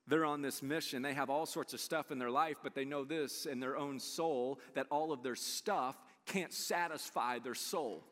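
A man preaching a sermon as a pastor, conversational and animated, sometimes acting out the people in his story. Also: medium pitch, moderate pace, hardly any pauses. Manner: animated, conversational, acts out quotes. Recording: long reverb in a large room.

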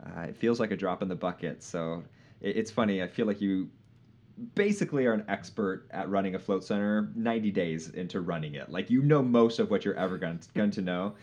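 A man hosting a casual live podcast, easygoing and quick to laugh, with plenty of "uh" fillers. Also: low voice, darkish tone. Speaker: podcast host.

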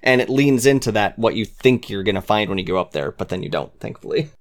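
A man with a somewhat low voice chats earnestly about a story game. He often drops to a soft murmur as he recalls details. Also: expressive, quick pace. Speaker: podcast co-host. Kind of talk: casual chat.

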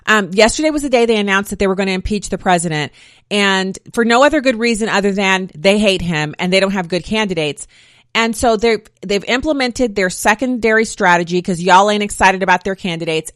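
A woman's voice: mid-range voice, fairly bright tone, no room sound. Woman, opinionated talk-show host, close dry mic, mid voice, snarky asides. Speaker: podcast host. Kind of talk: political commentary podcast.

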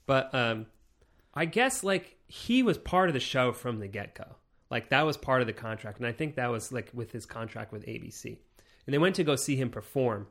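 A man's voice: mid-range voice, lively intonation, moderate pace, fairly bright tone. A man co-hosting a casual podcast discussion, hesitant and hedging as he talks. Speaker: podcast co-host.

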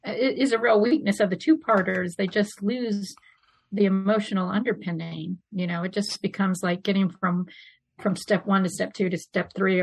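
A woman with a husky, gravelly voice talking through a review on a podcast, thoughtful and analytical. Her sound is dry and close to the mic. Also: medium pitch, fairly even intonation, normal speed, no echo, poor audio. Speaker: podcast co-host. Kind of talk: casual review chat.

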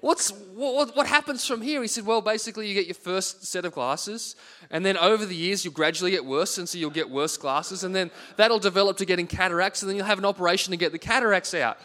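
A man in his forties preaches a sermon with a fairly high-pitched voice. He moves easily between scripture and casual personal stories, talking to the congregation in a conversational way. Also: fast, bright, forceful tone. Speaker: pastor.

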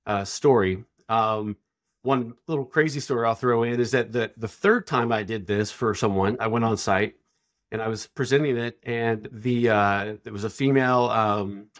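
Animated middle-aged storytelling man. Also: fairly low pitch, moderate pace. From Texas. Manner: animated, acts out quoted dialogue. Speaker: podcast guest. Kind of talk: casual storytelling.

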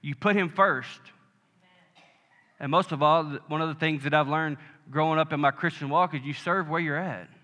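A man's voice: on the high side, normal speed, pushed and bright. A man preaching a sermon in a church, emphatic, calling for amens from the congregation. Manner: emphatic preaching with call-and-response. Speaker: pastor. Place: church sanctuary. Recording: echoey hall with long reverb.

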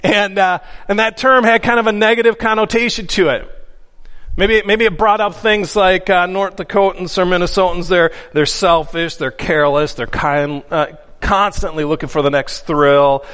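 High-voiced pastor preaching in a reverberant hall. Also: male voice, steady tone, moderate pace, a bit bright, smooth. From Upper Midwest of the US. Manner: earnest, emphatic preaching with repeated phrases. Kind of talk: sermon.

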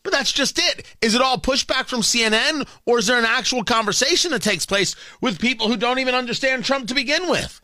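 A brash man holds forth on his talk radio show, his high voice swinging widely as he fires off sarcastic rhetorical questions. His tone is bright and sharp, close and dry on a studio microphone, with no room around it. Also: expressive, brisk, hardly any pauses, dry recording. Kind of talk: opinionated talk radio monologue.

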